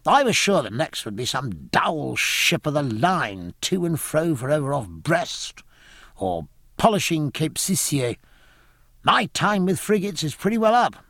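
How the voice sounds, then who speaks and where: A man's voice: a little high, very animated, fairly bright tone, dry recording, clean studio sound, heavily acted. A man doing a bluff, jovial sea captain. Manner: brisk, jovial, salty sea talk. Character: hearty, bluff naval captain, middle-aged man.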